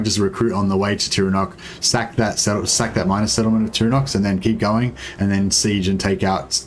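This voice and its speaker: Low-voiced rambling gamer man. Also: a little hiss or hum. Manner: rambling, hesitant, many fillers, chuckles. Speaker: streamer. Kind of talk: casual gameplay commentary.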